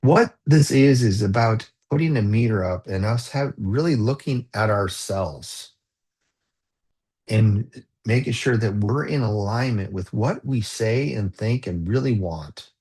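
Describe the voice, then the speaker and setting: Low-voiced male coach, earnest and reflective. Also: measured pace, a little mellow, breathy edge. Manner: reflective, asks repeated questions, earnest; casual with fillers and restarts. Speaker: leadership coach. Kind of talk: live motivational talk.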